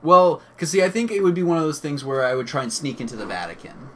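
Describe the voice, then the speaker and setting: A man's voice: on the high side, expressive, a bit bright. A man co-hosting a podcast, joking and riffing playfully in a casual chat. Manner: playful, riffs and jokes with quick restarts. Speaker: podcast co-host.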